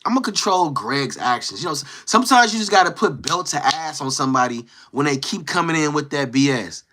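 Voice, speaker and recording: This young man is streaming live, chatting casually with viewers and teasing chat trolls with playful trash talk. His voice sits a little high and sounds animated, pushed and bright, with a slightly fast pace.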